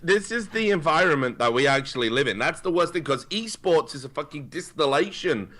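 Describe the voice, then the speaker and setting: A man's voice: fairly high pitch, lively intonation, fairly quick, a bit bright. A man co-hosting a podcast, ranting bluntly and with a lot of profanity in casual chat. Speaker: podcast co-host.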